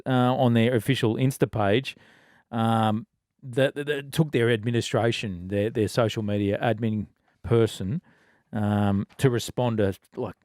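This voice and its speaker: A man speaking as a sports reporter on a radio panel. He sounds earnest and halting, with filler words along the way. His voice sits at a middle pitch in a dry studio. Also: darkish tone, dry recording. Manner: earnest, many fillers and restarts while reporting.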